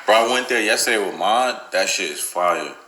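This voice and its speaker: A man's voice: fairly low pitch, lively intonation, normal speed, pushed and bright, a little hiss or hum. A man co-hosting a reaction video, chatting casually with laid-back joking slang. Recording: roomy echo.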